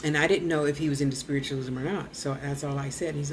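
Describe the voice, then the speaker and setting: A woman's voice: low voice, fast talker, slight background noise. A woman vlogger and spiritual teacher telling a personal testimony in a chatty way. She acts out other people's lines, drops into whispers and fills her talk with "you know" asides. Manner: animated, acts out quoted voices and drops to a whisper. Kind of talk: casual storytelling testimony.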